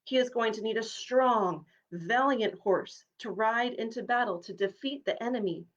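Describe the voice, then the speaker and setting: A woman's voice: fairly high pitch, moderate pace, highs cut off, close to an everyday voice. A woman voicing a proud, snobbish male war horse in a storybook reading, with a haughty, pompous manner. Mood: boastful.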